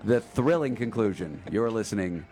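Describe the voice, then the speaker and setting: A man hosting a comedic call-in radio show, teasing callers with playful deadpan jokes. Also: lowish voice, normal speed.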